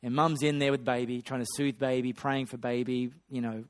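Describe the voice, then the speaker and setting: A man preaching a sermon, swinging between loud excitement and hushed storytelling. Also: mid-range voice, fairly quick, hardly any pauses. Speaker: pastor.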